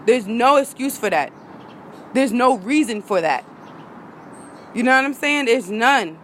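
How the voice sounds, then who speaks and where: Her voice is a little high and a bit bright, animated though measured in pace, with a slight hiss or hum behind it. The vlogger, live on her phone outdoors, is in the middle of a fiery, profane rant, driving her points with repetition.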